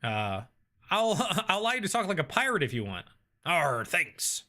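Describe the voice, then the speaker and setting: A man's voice: high-pitched, huge pitch swings, brisk, sharp tone. A man hosting a casual livestream, reading viewer comments aloud and answering them with lots of ums and uhs. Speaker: streamer reading live chat.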